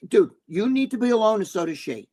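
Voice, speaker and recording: Man, New Jersey accent, rapid talker, swears a lot, rambling co-host. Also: sits high, very animated, dark tone. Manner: profane, blunt, rambling. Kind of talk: casual live chat.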